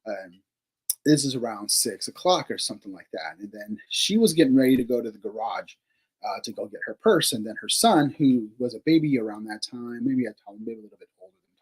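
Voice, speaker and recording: A man with a husky, slightly rough voice at a middling pitch tells a long story in a loose, conversational way. He rambles with plenty of fillers and casual swearing, and he laughs between remarks as he goes. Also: animated, a little fast, poor audio. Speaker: paranormal investigator guest.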